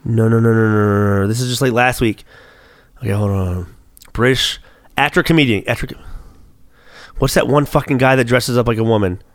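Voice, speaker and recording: A man on a casual podcast, excitable and swearing heavily while he thinks aloud through a trivia question. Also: medium pitch, brisk, pauses often, no echo, studio quality. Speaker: co-host. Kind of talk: casual podcast chat, quiz game.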